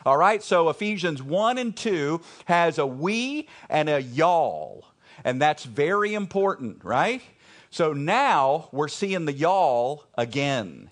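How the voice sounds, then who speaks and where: A man's voice: on the high side, big pitch swings, slow pace. A man with a Texan accent preaching a conversational, emphatic sermon to his congregation, repeating key phrases for emphasis. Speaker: pastor.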